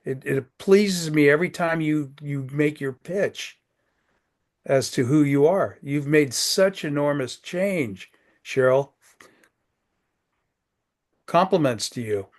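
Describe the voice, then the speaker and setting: A man in his sixties hosts a business networking group over a video call. His voice sits a little high, and he talks in a folksy, joking way, often repeating himself. It sounds like a casual chat among regulars. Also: expressive, slow, pauses often.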